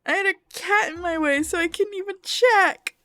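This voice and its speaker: A woman's voice: very high voice, normal speed, pushed and bright, no room sound. A young woman livestreaming a game, chatting casually, swearing and laughing in exasperation. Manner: profane, exasperated, laughing often. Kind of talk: casual gaming stream chat.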